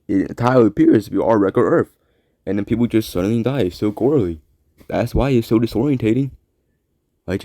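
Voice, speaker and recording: A man with a lowish, warm, mellow voice hosts a casual solo talk show. He rambles from thought to thought, repeats words and lets sentences trail off into quiet mumbles. The sound is dry and close. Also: dry recording. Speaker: podcast host.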